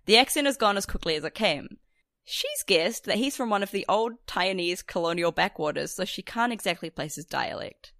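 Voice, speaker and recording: A woman co-hosting a podcast, recapping a novel chapter in casual chat, laughing often and dropping swears and animated asides. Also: mid-range voice, a little fast, gravelly, no echo, studio quality. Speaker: podcast co-host summarizing a novel.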